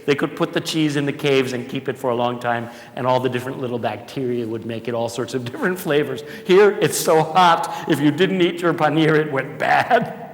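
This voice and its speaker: A man giving an animated, jokey conference talk and addressing the audience directly. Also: medium pitch, a little fast. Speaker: conference speaker. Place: large conference hall. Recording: echoey hall with long reverb.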